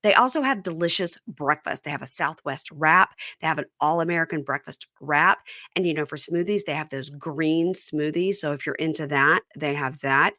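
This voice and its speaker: A woman hosting a podcast, chatting casually and reading an ad, with playful quick asides. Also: low-pitched, sharp tone, dry recording, clean studio sound. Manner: chatty, quick shifts into playful quoted voices. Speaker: podcast host. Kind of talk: casual chat and read ad.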